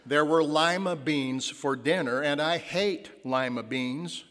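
A man reads aloud as a grumpy little boy of about seven, drawing out each complaint slowly in a fairly high voice. The sound rings with a long reverb, as in a big church. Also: fairly bright tone. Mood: complaining. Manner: listing complaints in a slowed, drawn-out read.

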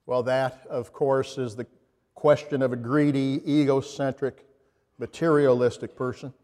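A man preaching a sermon in a reflective storytelling manner, pausing and restarting as he speaks. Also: medium pitch, steady tone, a little mellow, in a large hall.

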